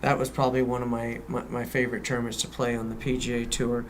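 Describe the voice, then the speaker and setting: A man's voice: medium pitch, flat delivery, quick pace, a little hiss or hum. A man in his fifties, a professional golfer, answering interview questions in an easygoing, hesitant way with frequent fillers. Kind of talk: casual interview chat.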